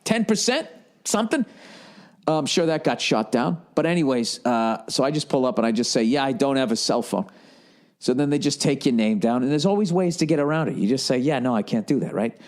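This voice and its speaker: Guy riffing a funny rant on his podcast, swears constantly, mocks himself, voice jumps way up for the quotes. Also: fairly quick. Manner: animated, profane, self-mocking, jumps pitch for quoted voices. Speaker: comedian podcast host. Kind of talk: rambling comic storytelling.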